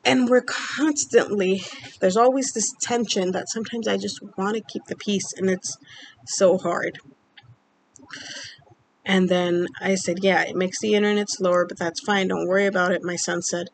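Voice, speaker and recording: A woman vlogger casually telling a personal story, rambling and halting with many fillers, sounding upset and emotional. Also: mid-range voice, fairly even intonation, gravelly, a little hiss or hum, poor audio. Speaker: vlogger keeping a mood journal.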